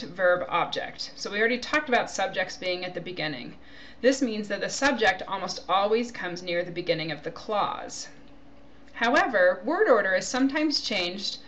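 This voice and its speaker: A woman's voice: mid-range voice, a bit bright, a little hiss or hum. A woman giving a recorded grammar lecture, explaining points through spoken example sentences and checking in with "okay?". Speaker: grammar teacher.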